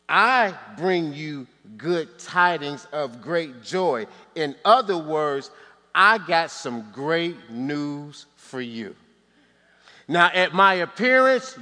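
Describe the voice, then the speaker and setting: High, bright-voiced animated preacher. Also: male voice. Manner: animated, humorous asides. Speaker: pastor. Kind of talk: sermon. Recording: long reverb in a large hall.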